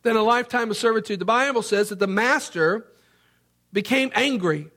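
A man, from Memphis, Tennessee, preaching a sermon as an animated storyteller who acts out the scenes. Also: sits high, normal speed.

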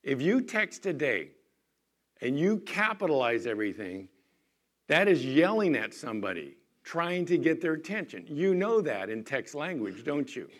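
A middle-aged man giving a sermon as a pastor, moving between quiet talk and loud, emphatic pleading. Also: fairly high pitch, big pitch swings, moderate pace.

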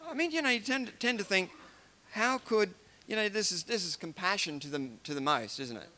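A man's voice: high-pitched, lively intonation, a little fast, sharp tone. Man musing on scripture. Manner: conversational, musing, retells scripture in everyday words. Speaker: preacher. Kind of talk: informal devotional talk.

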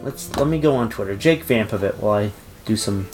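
A man's voice: lowish voice, lively intonation, fairly quick, a little mellow, soft background music. A man co-hosting a casual chat with a wry, dry-joking manner. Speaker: podcast co-host.

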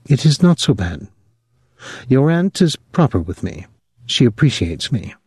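A man reading the part of a placid young housemaid with a light French-Canadian accent, speaking low and evenly. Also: slightly rough, no room sound, clean studio sound, exaggerated voice. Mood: calm. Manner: low, even, unhurried.

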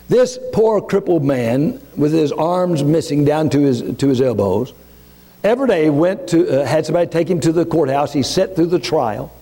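A man with a somewhat high voice delivers a fervent sermon from the pulpit. He climbs into urgent, raised preaching, then sinks into soft, low prayer. He repeats and restarts phrases as he builds momentum. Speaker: pastor.

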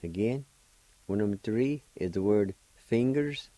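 A man hosting a radio language lesson, spelling and pronouncing each word slowly and patiently, repeating it several times. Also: on the low side, expressive, mellow, no echo, rough recording. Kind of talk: slow spelling and pronunciation lesson.

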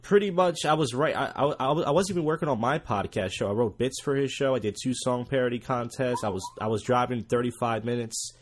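A man's voice: mid-range voice, a little fast, few pauses, a little hiss or hum. A man guesting on a podcast in casual chat, wry and storytelling.

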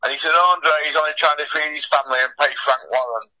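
A man with a husky voice, ranting bluntly about boxing in casual radio chat, swearing and scoffing. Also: a little high, fairly even intonation, fast, pushed and bright, muffled recording. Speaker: boxing pundit.

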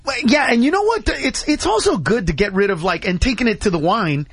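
A man in casual radio studio chat, telling animated stories and acting out the people in them. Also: high-pitched, brisk, slightly rough, no echo. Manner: animated storyteller, acts out quoted voices.

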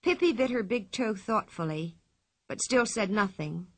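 A woman reading a children's storybook aloud as narrator, clear and expressive. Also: mid-range voice, normal speed, no echo.

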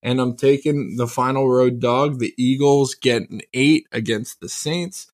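A man co-hosting a sports betting show, boastfully pitching his picks as sure things. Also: measured pace. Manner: boastful, animated. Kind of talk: casual sports betting talk.

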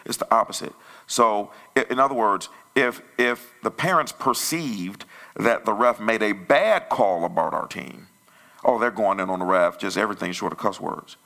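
A male pastor telling a story in a conversational sermon that grows loud and animated. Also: lowish voice, normal speed, creaky. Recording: church sermon audio.

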